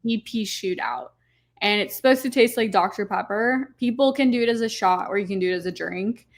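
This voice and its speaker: A woman's voice: medium pitch, a little fast. A woman in her twenties, raised in the American South, chatting casually as a podcast guest and laughing often. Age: 20s. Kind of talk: casual chat.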